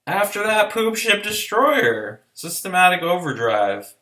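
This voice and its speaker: A man's voice: on the low side, a little slow, pushed and bright. A man giving a casual, rambling, profane and enthusiastic album review in a vlog. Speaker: music reviewer.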